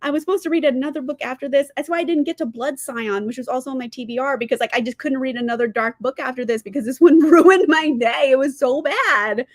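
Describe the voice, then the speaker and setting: A woman's voice: sits high, quick pace, few pauses, no room sound, studio quality. A young woman hosting a casual live-stream book review, ranting in exasperation, swearing freely and laughing often. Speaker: book channel host. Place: indoors at home, sipping from a mug.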